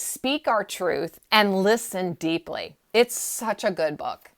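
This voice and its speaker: A woman's voice: medium pitch, animated, slow pace. A woman coach talking through emotional health in an earnest, emphatic way, her voice jumping up on key points. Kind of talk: casual teaching talk.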